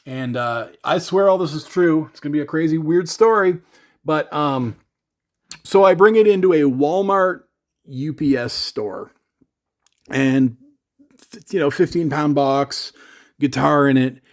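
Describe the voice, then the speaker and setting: A man from Canada chats his way through a long, digressive story. His voice sits a little high, and he wanders off topic easily. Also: measured pace, pauses often. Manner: rambling, chatty, digressive. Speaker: gear vlogger. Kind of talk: casual storytelling to camera.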